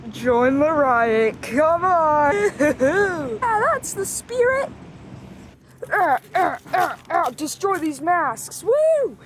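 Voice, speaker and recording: Excitable high-voiced woman doing toy role-play. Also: drawn-out words, a little hiss or hum. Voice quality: excitable, switches between many character voices with shouted sound effects. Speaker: plush toy storyteller.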